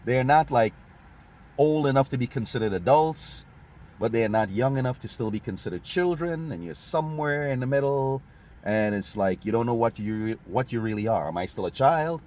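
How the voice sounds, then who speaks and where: A man's voice: mid-range voice, animated, moderate pace, a little mellow. A man from Saint Kitts and Nevis hosting a casual history chat, conversational, laughing often and restarting sentences. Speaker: host.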